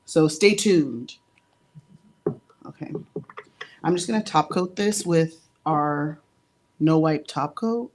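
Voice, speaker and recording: A woman demonstrating nail art in a relaxed live-stream tutorial. Her voice sits low, and she talks in a chatty, giggly way with lots of fillers. She sounds a little out of breath. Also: slow, pauses often, a little hiss or hum. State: slightly out of breath. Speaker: nail artist giving a live demo. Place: indoor studio under hot lights.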